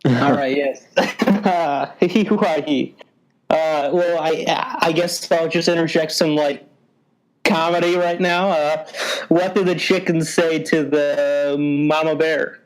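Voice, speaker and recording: A man's voice: a little high, fairly even intonation, slow, low-quality recording. A young man hosting a casual podcast. He talks in a mock-serious, ironic way, often stumbling and breaking into laughter. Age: young adult. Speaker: podcast host.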